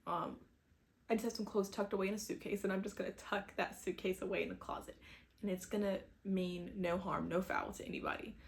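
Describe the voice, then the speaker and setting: A woman's voice: medium pitch, steady tone, fairly quick, vocal fry. A young woman chatting casually to camera, telling a personal faith story and acting out her own past thoughts. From New England, US. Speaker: vlogger sharing a faith testimony.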